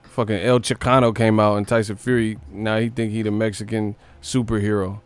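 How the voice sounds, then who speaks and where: Hosting a laid-back live stream, this young Northern Californian talks in slang and profanity, laughing and doing mocking put-on voices. His voice is lowish, clear, and resonant, level in tone and a bit fast.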